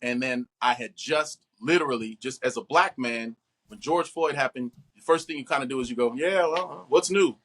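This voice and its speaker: Fast, bright-voiced man acting out quotes. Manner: expressive, acts out quotes with big pitch jumps. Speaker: actor and interview guest. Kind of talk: animated interview talk.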